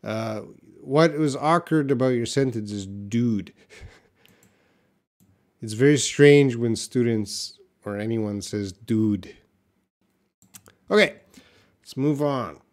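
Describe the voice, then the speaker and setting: A man's voice: medium pitch, takes it slowly, long pauses. A man teaching English in a live lesson, explaining words patiently and reading viewers' comments.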